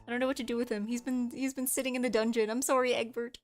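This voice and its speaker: A woman streaming, her voice sitting a little high with a nasal edge. She chats casually and explains things at length. Soft background music plays faintly behind her. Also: flat delivery, fast talker. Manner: chatty, explains with vocal demos.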